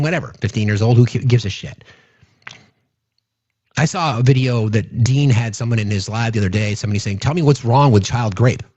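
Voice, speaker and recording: A man's voice: mid-range voice, dark tone, no echo, lo-fi sound. A man giving casual political commentary, indignant and rambling, often restarting his sentences.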